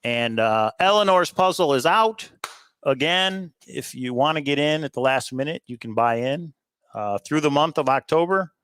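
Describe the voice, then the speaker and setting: A man with a voice on the high side, expressive and a bit bright, co-hosts a casual live stream over a little hiss or hum. He's chatty and upbeat, talking about things he sold and answering viewers with quick asides and chuckles.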